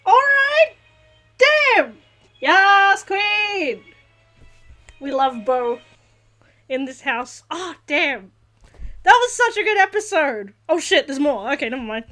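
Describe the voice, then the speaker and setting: Shrieking, laughing high-voiced woman. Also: takes it slowly, pauses often, faint music behind. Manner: excitable, laughs and shouts often. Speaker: reaction video host. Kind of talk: excited reaction commentary.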